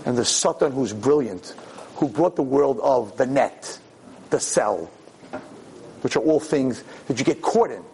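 A man lecturing as a rabbi in a Torah class, moving from quiet talk to loud, impassioned preaching before an audience. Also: mid-range voice, animated, measured pace, a little hiss or hum, rough recording.

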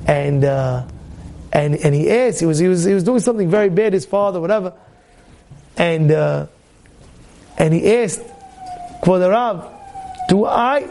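Guy rabbi giving a shiur, super high voice w/ gravel, keeps repeating himself, acts out the dialogue. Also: mellow, a little hiss or hum. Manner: impassioned, repetitive, acts out dialogue. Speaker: rabbi giving a Torah class. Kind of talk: Torah class sermon.

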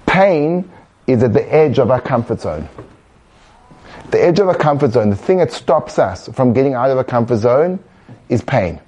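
Man, mid-pitch, mellow, animated explainer who acts out voices and laughs at his own jokes. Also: a little hiss or hum. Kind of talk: conversational explanation.

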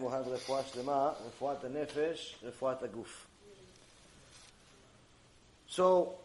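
A middle-aged man teaching a mussar lecture, animated and rebuking, acting out mocking bits of dialogue. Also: medium pitch. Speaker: Torah teacher.

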